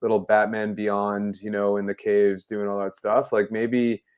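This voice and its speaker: A man co-hosting a sports talk show, breaking down the game with rambling enthusiasm. His voice sits slightly low and runs on in loose, excited stretches. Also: a little slow, clear, resonant tone. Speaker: podcast co-host.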